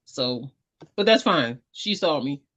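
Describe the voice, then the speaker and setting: A woman's voice: deep voice, lively intonation, slow pace, a bit bright. A woman actor and singer chatting as an interview guest, telling her stories in a rambling, earnest way. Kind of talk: casual interview chat. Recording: dull lo-fi audio.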